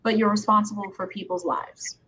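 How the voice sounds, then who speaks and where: A woman's voice: mid-range voice, level tone, fairly quick, bright, forceful tone. A woman attorney hosting a podcast interview, talking in a chatty, conversational way. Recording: slightly dull sound with faint background noise.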